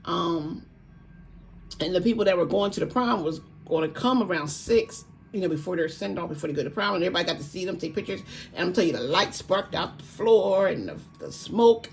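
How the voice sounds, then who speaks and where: A woman's voice: fairly low pitch, fairly quick, gravelly, faint music behind. An older woman vlogging casually about budgeting at home, chatty and encouraging, laughing often. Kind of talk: casual vlog talk. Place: home room by an open window. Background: faint street noise, passing truck.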